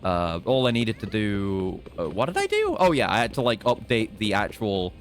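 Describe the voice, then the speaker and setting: A man's voice: fairly low pitch, huge pitch swings, moderate pace, a little hiss or hum. A British man chatting and joking loosely as he streams himself playing a game. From Britain. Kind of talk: live-stream commentary while gaming. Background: game music.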